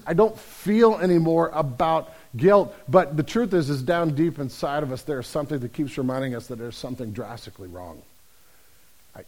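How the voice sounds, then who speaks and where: A man's voice: on the high side, darkish tone. Earnest, conversational male pastor preaching. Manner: conversational, earnest, with frequent restarts. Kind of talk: sermon.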